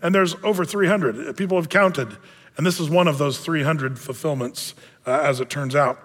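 Chatty pastor in a reverberant hall. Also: male voice, a little high, moderate pace, a bit bright, slightly rough. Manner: conversational, many fillers, self-deprecating humor. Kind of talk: verse-by-verse sermon at a Bible study. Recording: long reverb of a big hall.

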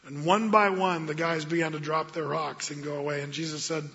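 Male pastor, high bright voice, lively sermon with acted-out quotes, long hall echo, dull lo-fi sound. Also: a little fast. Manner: animated, acts out quotes in voices. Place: church sanctuary.

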